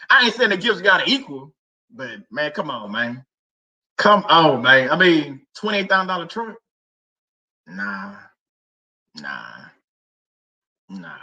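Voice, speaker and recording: A man's voice: high-pitched, sharp tone. A man hosting a faith livestream, chatting casually with viewers, joking, laughing often and using lots of slang and repetition. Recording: somewhat distant mic.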